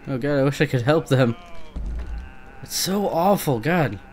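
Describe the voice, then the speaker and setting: A man's voice: medium pitch, animated, a little slow, darkish tone, faint music behind. A young man giving nervous, swearing commentary while playing a creepy shooter game, often talking back to the monsters. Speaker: gameplay commentator. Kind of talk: let's play commentary.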